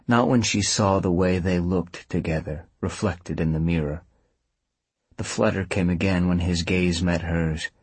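A man narrating a story in a calm, measured audiobook reading. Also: low voice, slightly rough, no room sound. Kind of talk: scripted narration.

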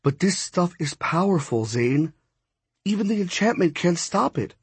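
A nervous teenage girl in an audiobook, hesitant and halting, her voice pitched clearly higher and husky, as a man puts her on. She delivers bad news gently. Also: expressive, dry recording, heavily acted. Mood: worried. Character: frightened teen girl, anxious and kind.

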